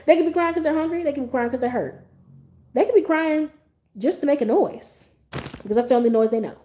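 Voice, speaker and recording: A young adult woman hosting a podcast, talking in a casual, blunt and animated way and swearing freely. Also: sits high, brisk, slight background noise. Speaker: podcast host. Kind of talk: casual opinion monologue.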